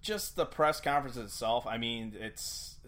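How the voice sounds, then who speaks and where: Excitable guy co-host, lively pitch, casual sports chat. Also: measured pace. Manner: animated, excitable, swears freely. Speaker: podcast co-host.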